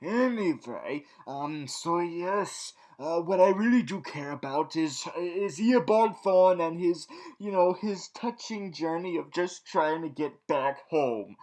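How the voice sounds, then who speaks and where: A man's voice: on the high side, lively intonation, slow, darkish tone. A young man in a villain persona, rambling through a casual, snarky TV recap full of fillers and restarts. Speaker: vlog host recapping a TV show.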